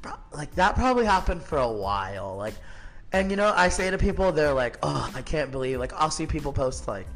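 A man's voice: on the high side, sing-song, brisk, a bit bright, faint music behind. A man in his thirties, a podcast guest telling his story in a blunt, profane, casual way, full of filler words. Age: 30s.

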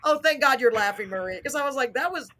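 A woman hosting a casual live talk show, bubbly and quick to laugh. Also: on the high side, animated, pushed and bright. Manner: bubbly, laughs easily, apologetic.

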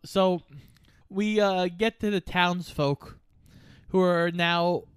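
Man calmly recapping a movie plot. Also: sits high, takes it slowly, smooth, dry recording. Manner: steady plot recapping with fillers. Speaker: podcast co-host.

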